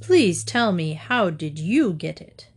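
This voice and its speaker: A haughty storybook lion, king of beasts, read by a woman, lower than her normal voice and slow. He questions sternly and scornfully. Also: big pitch swings, slightly rough, exaggerated voice.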